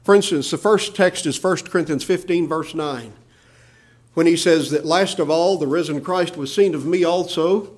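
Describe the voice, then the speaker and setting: High-voiced preacher, earnest and emphatic. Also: male voice, moderate pace. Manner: earnest, swings between emphatic rises and hushed low endings. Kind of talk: sermon.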